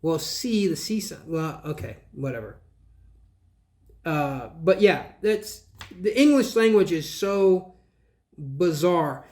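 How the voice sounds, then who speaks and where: High-voiced scoffing man on a slow ramble. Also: expressive, darkish tone. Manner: scoffing, spells out words letter by letter; digressive, restarts and trails off. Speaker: channel host reviewing a book. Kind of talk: casual rambling commentary.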